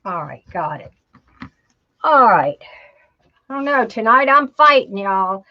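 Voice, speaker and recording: Speaking at medium pitch with big swings in her intonation, this woman takes her time. She's hosting a craft tutorial, chatty and muttering to herself as she works, saying "y'all" along the way. The audio is the dull lo-fi of a home video.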